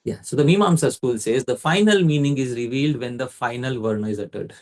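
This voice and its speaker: A man teaches at a mid pitch in a measured lecture. He works through the ideas step by step and stops now and then to quiz a student by name. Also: darkish tone. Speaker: facilitator teaching a scripture class. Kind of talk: explanatory lecture.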